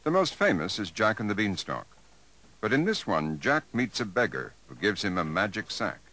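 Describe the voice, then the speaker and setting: A man narrating a documentary in a deep, bright voice that moves freely up and down. His delivery is measured and polished, recorded as a 1980s broadcast voice-over. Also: sing-song, poor audio.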